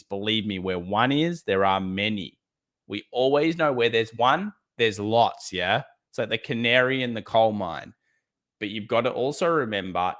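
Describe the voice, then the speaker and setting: Australian male streamer, low-ish voice, casual and blunt market talk. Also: fairly bright tone. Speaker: trading livestream host. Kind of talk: live market commentary reading chat.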